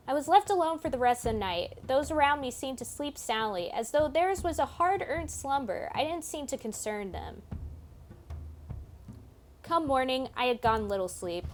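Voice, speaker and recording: A woman streamer reading a visual novel's narration aloud, expressive and a touch higher than most voices. She slips casual asides between the lines of the story, with a faint hum of noise in the background.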